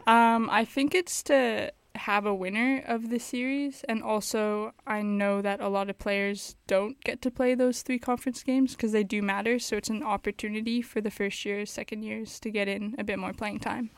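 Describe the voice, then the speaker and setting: A woman co-hosting a sports recap, relaxed and conversational. She drops in insider details with easy laughs. Her voice sounds close and dry. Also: medium pitch, moderate pace, few pauses, smooth, dry recording. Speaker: sports show co-host. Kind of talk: casual sports chat.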